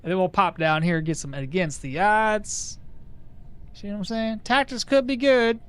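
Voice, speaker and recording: A man streaming a game live, chatty and excitable, explaining his build and answering his chat. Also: high voice, normal speed, clear, resonant tone. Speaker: gaming streamer. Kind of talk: live gameplay commentary.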